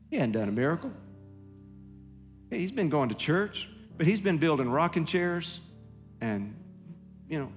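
Pastor, male, emphatic sermon delivery, slightly high voice, big hall reverb. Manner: emphatic preaching with voiced quotes. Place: church hall.

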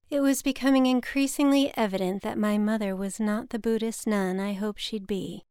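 A woman narrating her own personal story in a measured, scripted reading style, recorded close to the mic. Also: medium pitch, steady tone, darkish tone, clean tone, no echo.

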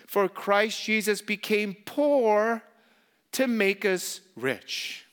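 A man preaching a sermon as pastor, impassioned, repeating key phrases and swinging from loud emphasis to soft, intimate asides. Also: sits high, extremely slow, clean tone.

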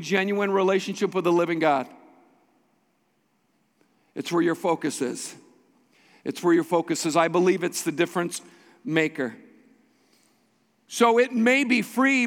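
A man with a high-pitched voice preaching a sermon in a church. He is a pastor who drives his points home by repeating short phrases with emphasis. His voice rings out with a long reverb off the hall. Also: a bit bright. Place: church sanctuary.

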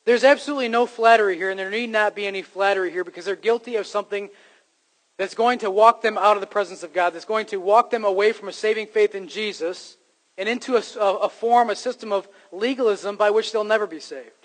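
High-voiced man preaching a sermon. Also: quick pace, rough recording. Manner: conversational preaching with emphatic rises and repeated restarts. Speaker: pastor.

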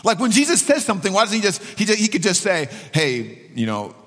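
A man's voice: sits high, expressive, rapid-fire, fairly bright tone, husky. A man preaching a sermon as pastor, earnest and repeating key phrases for emphasis. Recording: long hall reverb.

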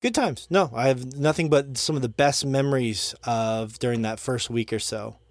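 A man hosting a casual gaming podcast, animated and quick to swear as he steers the talk. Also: medium pitch, dry recording. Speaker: podcast host. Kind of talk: casual chat.

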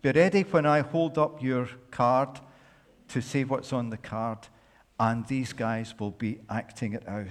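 A man preaching a sermon, telling a parable in an animated way with playful asides to the congregation. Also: medium pitch, unhurried. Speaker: pastor. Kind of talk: sermon with a dramatized parable reading. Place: church. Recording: long echo of a large hall.

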